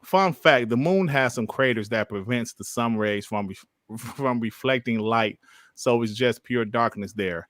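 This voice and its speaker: A man's voice: mid-range voice, a little slow, a bit bright, no echo, studio quality. A man hosting a casual gaming podcast, reading viewer messages aloud in a laid-back, slangy way and laughing often. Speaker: podcast host. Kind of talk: casual chat, reading super chats.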